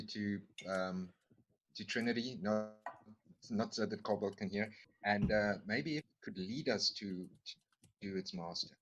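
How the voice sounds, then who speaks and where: Bright-voiced man playing a tabletop game. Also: on the low side, a little slow, gravelly, slight background noise, poor audio. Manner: explains rules, rambling with restarts. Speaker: player. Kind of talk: casual tabletop game chat.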